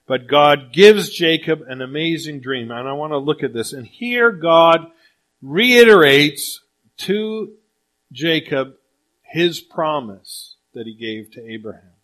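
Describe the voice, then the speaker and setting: Male preacher, slightly high pitch, lively sermon storyteller. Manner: animated storytelling, speeds up and slows down. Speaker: pastor.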